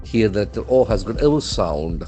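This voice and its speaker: A man with an Indian English accent teaching English words from a newspaper, spelling them out letter by letter and repeating each word slowly. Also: fairly low pitch, animated, dark tone, faint music behind. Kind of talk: newspaper vocabulary lesson.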